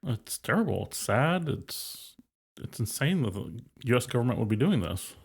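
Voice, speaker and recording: A man's voice: medium pitch, big pitch swings, moderate pace, vocal fry, breathy edge. A man in casual chat as co-host, giving brief replies that agree with the host.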